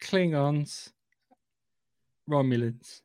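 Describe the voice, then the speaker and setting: A man's voice: a little high, very slow, warm tone, dry recording, studio quality. A man co-hosting a podcast in casual chat, eagerly working out theories aloud. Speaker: podcast co-host.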